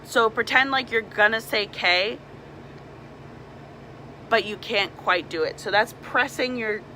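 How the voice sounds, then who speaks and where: A woman's voice: mid-range voice, sharp tone, a little hiss or hum, poor audio. A young woman, a mermaid performer, casually explaining swim tips and demonstrating nasal sounds.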